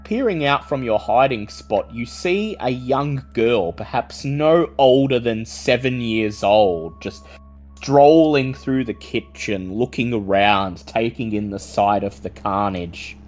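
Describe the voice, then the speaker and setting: Very low-voiced woman narrating slowly. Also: animated, a little mellow, poor audio. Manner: slow, suspenseful narration. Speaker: game master. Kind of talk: narrating a tabletop horror game. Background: faint music.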